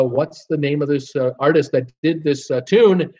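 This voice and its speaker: A man's voice: on the high side, normal speed, hardly any pauses. A man hosting a live trivia stream, reading out viewers' guesses with many fillers and half-singing song titles. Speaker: live trivia show host. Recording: dull lo-fi stream audio.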